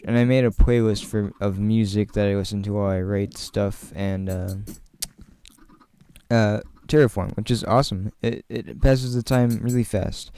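A man's voice: on the low side, fairly even intonation, normal speed, warm tone, clean tone. A man giving casual, chatty commentary while playing, joking and laughing often and rambling straight to his viewers. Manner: rambling, talks to viewers directly. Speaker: gaming channel host.

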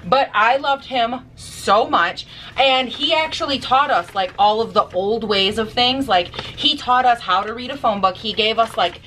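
Young woman vlogger, slightly high voice, sassy and chatty with casual swearing, talking in a home kitchen. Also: measured pace, fairly bright tone, recorded from a distance, slight background noise, low-quality recording. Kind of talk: casual chat while baking.

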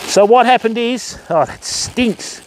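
Australian man, high-pitched voice, casual fishing livestream chat, riverside outdoors, slangy and chatty. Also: takes it slowly, a little hiss or hum. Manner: chatty, greets viewers by name, slangy. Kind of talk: casual live-stream chat.

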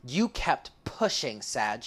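A woman with a low voice reads tarot cards for her viewers. She sounds close to tears and speaks emotionally, calling the listener honey and swearing freely. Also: sing-song, takes it slowly. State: tearful. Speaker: tarot reader.

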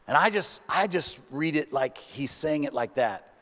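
A man preaching a sermon as pastor, earnest and slow, dropping to hushed tones when he reads scripture. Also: on the high side, sing-song. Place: church sanctuary. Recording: long church hall reverb.

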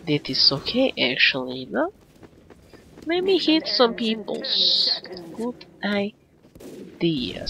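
Man, put-on Russian accent, gaming commentary, wildly swinging pitch, slow delivery, excitable and exclamatory. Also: gravelly, a little hiss or hum. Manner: excitable, exclaims often, playful broken English. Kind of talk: let's-play commentary.

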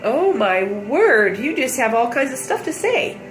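A woman's voice: fairly high pitch, sing-song, measured pace, roomy sound, over music. A mother using sing-song baby talk with her infant at home, coaxing and drawn out.

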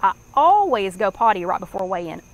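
A woman's voice: medium pitch, very animated, fairly quick, dull audio. A middle-aged woman with a Southern US accent, hosting a live online workshop chat in a rambling, chatty way with many fillers. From American South.

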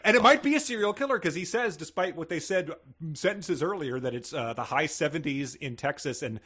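A man's voice: fairly high pitch, expressive, a little fast, bright, forceful tone, husky. A man co-hosting a podcast, chatting wryly about a book and laughing often. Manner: wry, amused, laughing often. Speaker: podcast co-host. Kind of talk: casual comedic book discussion.

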